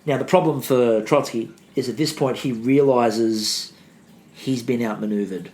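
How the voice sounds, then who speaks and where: A man co-hosting a history podcast, talking casually and acting out quotes in a lively way. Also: measured pace. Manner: animated, acts out quotes with big pitch jumps. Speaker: podcast co-host.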